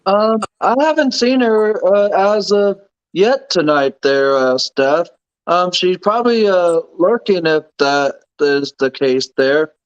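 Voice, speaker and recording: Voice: mid-range voice, animated, slow pace, clean tone, lo-fi sound. A stream guest speaking in hesitant casual chat, full of uhs and restarts.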